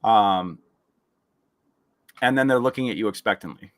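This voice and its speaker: A man's voice: fairly low pitch, moderate pace, a bit bright, no room sound. A man narrating a tabletop game as game master, rambling and hesitant with many fillers.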